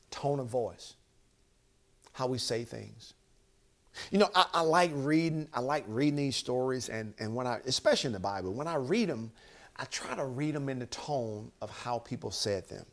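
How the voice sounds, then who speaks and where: A man giving an emphatic motivational talk, counting off his points one by one. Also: mid-range voice. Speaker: motivational speaker.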